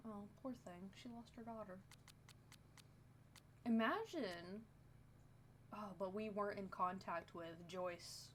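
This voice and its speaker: A woman reads game lore aloud in a casual way, breaking off for chatty asides. Her voice sits at a middle pitch, and a faint ambient hum runs in the background. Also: takes it slowly, pauses often. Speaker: game video creator.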